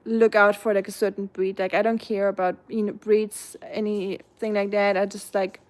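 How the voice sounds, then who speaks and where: A young woman with a German accent chats casually on a live stream, answering viewers' comments one by one. She rambles in a relaxed, unscripted way, filling her pauses with "um" and "like" and often restarting her sentences. Her pitch sits in an ordinary middle range for a woman. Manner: chatty, rambling, many fillers and restarts. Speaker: live streamer reading chat.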